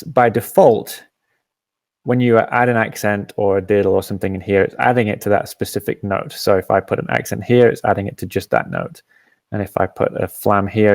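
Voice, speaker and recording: A man hosting a live app demo, patiently explaining each step and often pausing with "um". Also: on the low side, vocal fry, a little mellow, dry recording. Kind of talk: software demo and Q&A.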